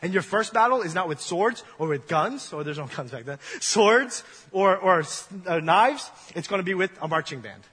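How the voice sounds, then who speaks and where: A man's voice: sits high, expressive, normal speed, hardly any pauses, a bit bright, husky. A young man preaching a sermon in a loose, joking storytelling way, acting out the voices of the people in his stories. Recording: long hall reverb.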